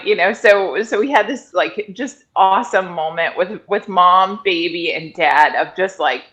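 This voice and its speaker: A middle-aged woman telling a story as an interview guest. Her talk is animated, and she acts out other people's lines by jumping up in pitch. Her voice sits in an ordinary middle range. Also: moderate pace, hardly any pauses, poor audio. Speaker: guest, functional medicine director and former doula.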